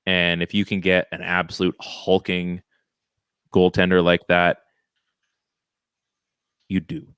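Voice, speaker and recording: Low-voiced man, smooth. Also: takes it slowly, pauses often, dry recording, studio quality. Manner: relaxed, joking asides. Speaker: podcast co-host. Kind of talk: casual hockey draft chat.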